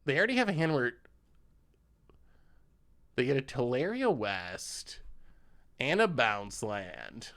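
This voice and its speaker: A man's voice: mid-range voice, very animated, slow, long pauses, a bit bright. A man streaming a card game, commenting live on each play, reacting to the opponent and thanking subscribers.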